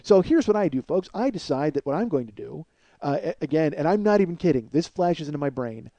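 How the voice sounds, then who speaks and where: A man hosting a comedy podcast, delivering a profane, exasperated rant that swings between loud outbursts and low muttering. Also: expressive, a little fast, no echo. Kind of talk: ranting comedic monologue.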